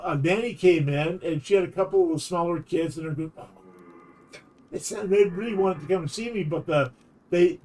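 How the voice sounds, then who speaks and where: Guy streaming and telling a long rambly story, kinda high voice, keeps restarting sentences. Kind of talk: casual storytelling chat.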